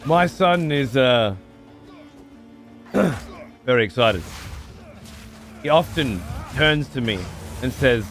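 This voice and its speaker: A man streaming a video game, chatting casually and swearing freely with excitable outbursts. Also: mid-range voice, takes it slowly, long pauses, soft background music. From United Kingdom. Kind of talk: casual gameplay livestream chat.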